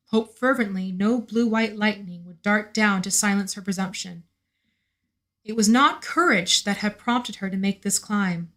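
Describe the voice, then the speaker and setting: Taking a relaxed pace, a woman reads a novel aloud to her live stream audience and chats between passages. Her slightly hoarse mid-range voice carries a fairly bright tone.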